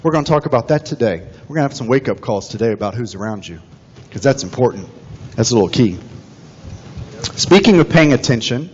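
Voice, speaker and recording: A man from Texas preaching a sermon as pastor, with animated, emphatic storytelling. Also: medium pitch, a little fast, slight background noise. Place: church sanctuary. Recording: dull recording with long church reverb.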